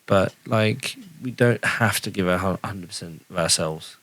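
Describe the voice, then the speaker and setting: Low-voiced man, casual podcast chat. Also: measured pace, fairly bright tone. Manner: chatty, joking, self-deprecating. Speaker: podcast host.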